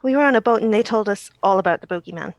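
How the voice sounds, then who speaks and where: A woman playing a tabletop game, enthusiastic and full of quick questions. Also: mid-range voice. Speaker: player. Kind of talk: casual tabletop play.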